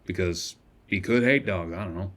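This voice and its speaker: A man doing a gruff, blunt city guard. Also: low-pitched, moderate pace, fairly bright tone, pitched below the performer's own voice.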